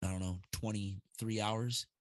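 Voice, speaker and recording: A man's voice: on the low side, steady tone, a little slow, no room sound. A man co-hosting a casual livestream, talking loosely and profanely and laughing often. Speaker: livestream co-host mixing e-liquids.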